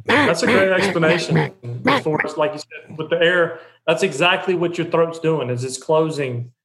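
A man's voice: a little high, normal speed, fairly bright tone. Earnest man in an echoey room. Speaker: duck call maker guest. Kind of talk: casual podcast conversation.

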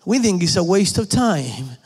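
A man preaching a sermon, emphatic and pleading, dropping at times to hushed whispers. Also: sits high, very animated, unhurried, breathy edge, long reverb tail.

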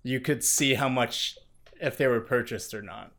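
A man's voice: medium pitch, moderate pace, fairly bright tone. A young man co-hosting a podcast in casual chat, dry and wry, with some swearing. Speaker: podcast co-host.

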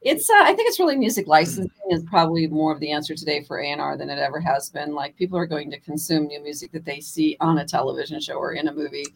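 A woman chatting casually on a podcast, quick and upbeat, telling lively everyday examples. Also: low-pitched, vocal fry. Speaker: guest, musician's wife.

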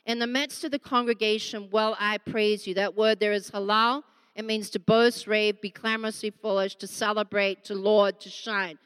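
A woman preaching a sermon, impassioned and emphatic, slowing down to stress key words. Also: mid-range voice, level tone, fairly bright tone, clean tone. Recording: long reverb of a large hall.

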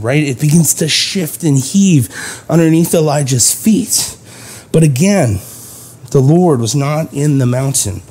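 A male preacher working through a scripture passage in a loose, conversational way. His voice is mellow and dark, with a husky edge. He slips into the lines of the story as he retells it. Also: on the high side. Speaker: pastor. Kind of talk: sermon.

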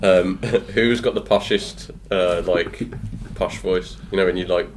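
A man's voice: sits low, steady tone, a little hiss or hum. A man with a joking, laugh-prone manner, hosting a casual podcast chat and running quiz games. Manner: laughs often, joking and quick.

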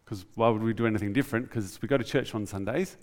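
Aussie guy preaching casually in a big echoey church, lively delivery. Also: lowish voice, quick pace. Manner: conversational, animated preaching. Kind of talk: sermon. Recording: reverberant church hall.

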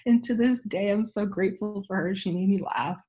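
A woman's voice: mid-range voice, fairly quick, warm tone, a little hiss or hum. A young adult woman, a podcast guest, candidly recounting a personal experience in a rambling way with frequent fillers. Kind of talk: personal storytelling.

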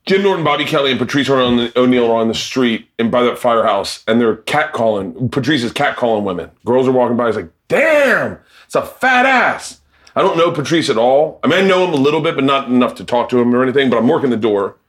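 A man's voice: mid-range voice, fast talker, hardly any pauses. A middle-aged man, a comedian, telling stories in casual chat, acting out quoted voices, laughing and swearing often. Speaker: comedian host of a cooking show. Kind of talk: casual storytelling among comedians.

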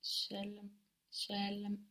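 A woman learning a language, answering her teacher carefully and sounding out words slowly. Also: medium pitch, monotone, bright, forceful tone. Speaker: language student. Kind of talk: learner repeating and answering in a lesson.

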